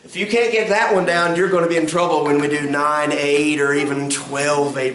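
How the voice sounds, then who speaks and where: A man's voice: fairly high pitch, fairly even intonation, moderate pace, hardly any pauses, distant mic, crowd noise. A man teaching song leading in a classroom, counting beats and singing hymn lines to demonstrate. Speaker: music instructor. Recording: echoey room, recorded from afar.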